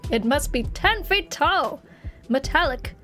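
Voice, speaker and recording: A woman voicing a startled male TV field reporter, speaking in a hushed, urgent news delivery. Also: sits high, lively intonation, slow, soft background music, exaggerated voice. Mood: hushed alarm.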